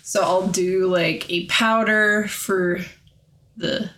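A woman's voice: mid-range voice, steady tone, takes it slowly, a bit bright. A young woman co-hosting a podcast, chatting casually and explaining things in detail with lots of "like". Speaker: podcast co-host. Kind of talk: casual chat.

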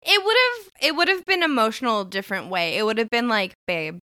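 A woman's voice: fairly high pitch, sing-song, fairly quick, bright, forceful tone, dry recording. A young woman co-hosting a casual podcast, chatty and giggly as she tells a personal story. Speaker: podcast co-host. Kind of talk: casual chat.

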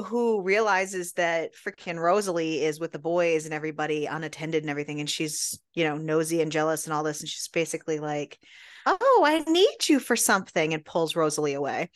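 A woman's voice: deep voice, fairly bright tone, no room sound, clean studio sound. A woman co-hosting a book club podcast in casual chat, recapping the plot with animation and acting out the characters' lines. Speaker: podcast co-host.

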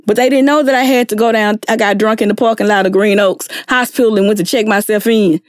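A woman's voice: mid-range voice, steady tone, fast talker, dry recording, clean studio sound. A middle-aged woman, telling her personal story with earnest feeling and acting out the people she quotes. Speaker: guest sharing her story. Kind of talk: emotional personal testimony.

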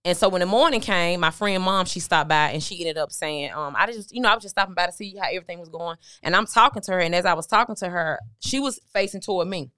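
Guest, woman, middle-aged, low and smooth voice, dry close sound, conversational storytelling. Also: fast talker, few pauses, pushed and bright, no echo. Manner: conversational, recounting with quoted dialogue. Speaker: guest, motivational speaker. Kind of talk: candid storytelling interview.

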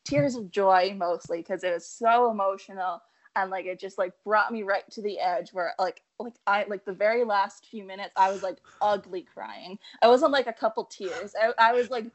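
A woman's voice: mid-range voice, moderate pace. Giggly young woman gushing in chat. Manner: bubbly, giggly, many "like" fillers. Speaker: co-host. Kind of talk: casual chat.

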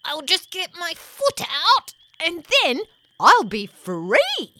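A woman voicing a playful, mud-loving young female ghost creature in a sing-song, squeaky storybook voice. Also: huge pitch swings, slow, music in the background, full character voice. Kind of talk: storybook audio reading.

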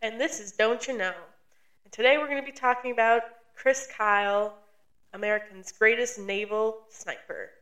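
Woman podcast host from the Midwest, bright and sharp-toned, playful and theatrical, casual true crime chat. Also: on the high side, steady tone, moderate pace, poor audio.

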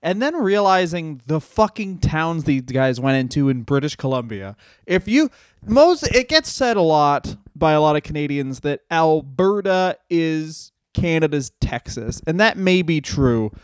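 Man, podcast co-host, sarcastic profane storytelling, smooth clear voice, fairly high. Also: animated, measured pace, dry recording, studio quality. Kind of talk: casual comedy chat.

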